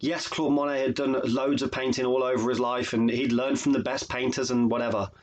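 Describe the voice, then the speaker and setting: Earnest husky life coach. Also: male voice, mid-range voice, level tone, brisk, low-quality recording. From England. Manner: earnest, emotional, repeats phrases for emphasis. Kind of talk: motivational video monologue.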